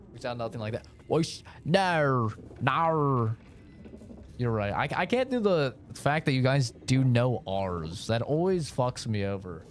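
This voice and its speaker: A man's voice: mid-range voice, big pitch swings, a little slow. A man, a streamer chatting casually with viewers, rambling and swearing freely, with faint background noise. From United States.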